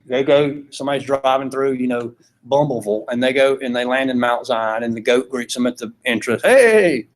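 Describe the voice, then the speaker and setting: Speaking a little fast in a level, medium-pitched voice, a Georgia Southern man teaches a philosophy class lecture. It's conversational in tone, peppered with "right?" as he checks on his students.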